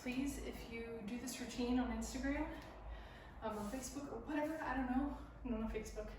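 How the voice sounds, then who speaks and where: A young woman teaching a dance tutorial, out of breath and talking fast as she wraps up. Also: high voice, fairly even intonation, noisy background. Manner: counts steps and sings lyrics while dancing. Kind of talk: dance tutorial, counting and singing along. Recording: echoey room, voice from far off.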